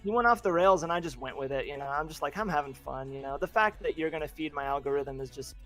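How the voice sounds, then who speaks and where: A man's voice: on the high side, fast talker, a bit bright, faint music behind. A young man talking as a guest on a casual online chat, hesitant and full of fillers. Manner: hesitant, many fillers and restarts, laughs easily. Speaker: guest, content creator.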